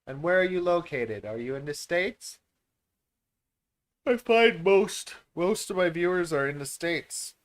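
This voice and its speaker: A man's voice: a little high, animated, measured pace. A man from Canada, a reptile breeder hosting a casual live-stream Q&A, who rambles and pokes fun at himself between lots of filler words. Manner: rambling, self-deprecating, many filler words. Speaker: reptile breeder and channel host.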